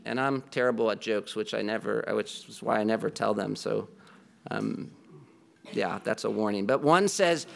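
A pastor with a fairly low, creaky voice preaches at a moderate pace. He speaks to his congregation earnestly and conversationally, adding a self-deprecating aside.

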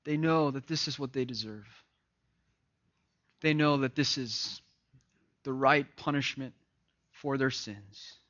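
A male preacher delivers a fervent sermon. He swings from loud, ringing emphasis to hushed, grave lines. His voice is bright and tense, and the recording sounds dull and lo-fi. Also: medium pitch, takes it slowly, pauses often. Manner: impassioned, swings from loud to hushed, repeats words.

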